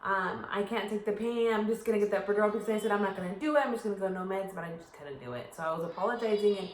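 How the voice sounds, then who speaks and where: A woman's voice: mid-range voice, rapid-fire. A young woman chatting casually as a co-host, retelling a story expressively. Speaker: podcast co-host. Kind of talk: casual chat. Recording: echoey room, faint noise.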